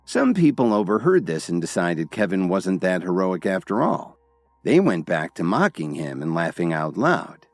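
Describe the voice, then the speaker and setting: A man's voice: sits low, big pitch swings, moderate pace, no echo. A man narrating a dramatic story in scripted style, voicing every character himself. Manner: dramatic storytelling, all voices by one reader.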